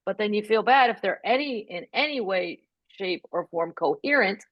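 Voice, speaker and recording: Animated woman telling comic stories. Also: mid-range voice, no echo, muffled recording. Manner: lively, animated delivery with quick asides. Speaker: guest comedian. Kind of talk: comic storytelling in a podcast chat.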